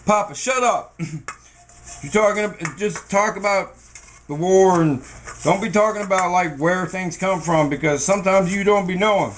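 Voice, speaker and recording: A man voicing an exasperated younger man who keeps scolding his grandfather to hush. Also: high voice, normal speed, noisy background, pitched above the performer's own voice, natural voice. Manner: scolding, pleading.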